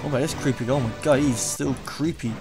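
A young man commentating a game he is playing, excitable and mocking, laughing often at what he sees. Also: mid-range voice, a little fast. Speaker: gaming YouTuber. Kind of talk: let's play commentary. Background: game music.

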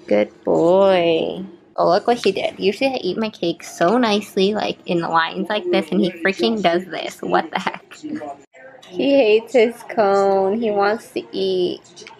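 A woman's voice: medium pitch, measured pace, gravelly, darkish tone. A young woman in her twenties chatting in a casual home vlog, cooing baby talk to her dog. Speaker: vlogger. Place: home, indoors.

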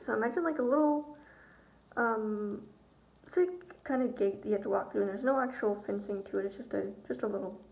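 A woman's voice: on the high side, vocal fry. A young woman telling a casual vlog story, chatty, with many fillers and acted-out quotes. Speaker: vlogger. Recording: dull lo-fi sound with audible background hiss.

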